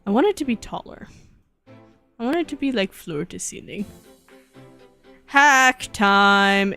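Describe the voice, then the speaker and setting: A sleepy woman streamer rambling through a casual live session, joking at her own expense as she works. She talks at an unhurried, drawn-out pace in a mid-range voice, with soft music playing faintly behind her. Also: mid-range voice. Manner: playful, rambling, self-joking. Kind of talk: casual live-stream chat while 3D modeling.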